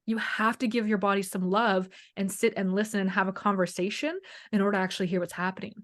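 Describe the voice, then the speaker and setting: Woman, wellness coach, casual interview talk, animated, filler "like", acts out quotes. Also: medium pitch, fast talker. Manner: frequent "like" and "you know". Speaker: chronic pain and wellness coach, guest.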